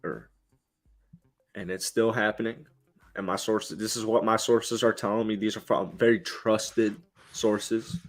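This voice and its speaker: A young man co-hosting a casual sports chat, rambling with goofy, deadpan jokes. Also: lowish voice, a little slow. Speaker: co-host.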